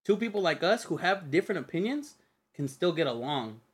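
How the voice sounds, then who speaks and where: A man's voice: on the high side, very animated, a little fast, breathy edge. A young man co-hosting a podcast in casual chat, joking and swearing freely. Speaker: podcast co-host.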